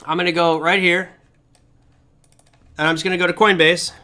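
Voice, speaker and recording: He teaches crypto trading in a live online session, screen shared, reading viewers' comments aloud with lively, talkative energy. His voice is high and his pace moderate.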